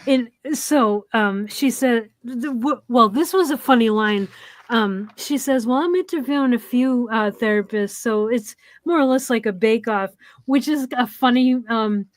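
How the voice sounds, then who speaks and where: A woman's voice: on the high side, a little slow, no echo. A woman co-hosting a show, casually retelling a TV episode scene by scene with frequent ums and quoted dialogue. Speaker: podcast co-host. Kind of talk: casual chat recapping a TV episode.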